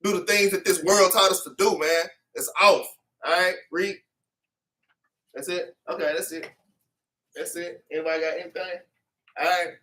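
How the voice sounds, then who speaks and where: A man's voice: high-pitched, steady tone, moderate pace, pauses often, pushed and bright, far from the mic. A man teaching an informal Bible class, preachy and repetitive, tagging his lines with "man" and "okay".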